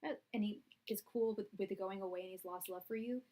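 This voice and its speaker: A woman's voice: mid-range voice, quick pace, dark tone. A young woman doing a live-stream tarot reading, chatty and blunt, talking straight to her viewers. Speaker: tarot reader.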